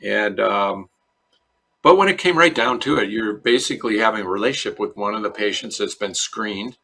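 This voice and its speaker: A middle-aged man from Chicago, a dentist answering interview questions in a relaxed, storytelling way. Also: on the low side, moderate pace, gravelly. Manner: relaxed storyteller, acts out quoted voices. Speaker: dentist guest.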